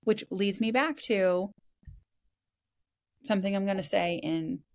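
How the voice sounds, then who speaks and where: A woman's voice: mid-range voice, measured pace. A woman hosting a casual spiritual podcast, talking frankly, swearing now and then and laughing easily. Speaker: podcast host.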